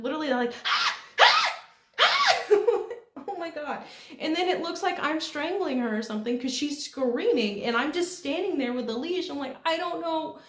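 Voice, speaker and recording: A young woman from the United States telling a rambling, casual diary vlog, laughing often. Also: a little high. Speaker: vlogger. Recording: echoey room.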